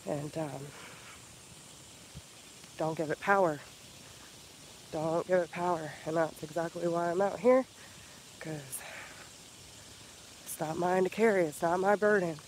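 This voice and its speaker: A man giving an earnest, profane motivational talk in a casual vlog, slowing down and repeating himself for emphasis. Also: a little high, steady tone, slight background noise, rough recording. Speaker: spiritual healer vlogger.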